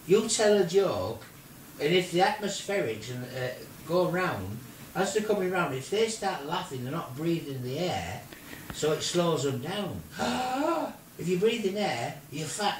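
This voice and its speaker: An older man, a grandfather, telling a silly made-up story in an animated way, with squeaky put-on voices for the people in it. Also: unhurried, a little hiss or hum. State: ill. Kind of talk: playful bedtime-style storytelling. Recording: roomy home video from a distance.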